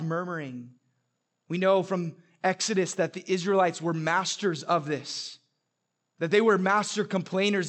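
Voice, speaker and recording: A young adult man preaching a sermon, telling stories with humor and emphatic repetition. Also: high-pitched. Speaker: pastor.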